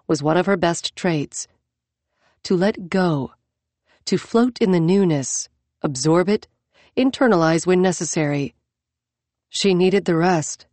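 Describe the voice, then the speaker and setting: Low-voiced woman narrating a novel. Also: darkish tone, no echo. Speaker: audiobook narrator. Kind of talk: scripted narration.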